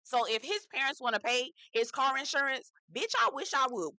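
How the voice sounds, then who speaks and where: A young woman gives a sassy, animated recap of a reality show, talking straight to her viewers and calling them "girl.". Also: sits high, fairly quick, no echo. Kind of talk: casual recap commentary.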